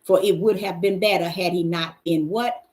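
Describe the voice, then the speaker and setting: With a lowish, slightly mellow voice, fairly even intonation, and a moderate pace, a middle-aged woman runs a Bible question session. She answers questions and preaches to the live audience in a folksy, emphatic, informal way, calling out to them.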